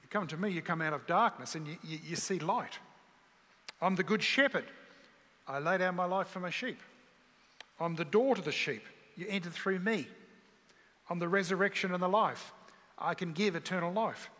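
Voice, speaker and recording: A man's voice: sits high, moderate pace, pauses often, bright, forceful tone. A man preaching a sermon, earnest and full of rhetorical questions. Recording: long hall reverb.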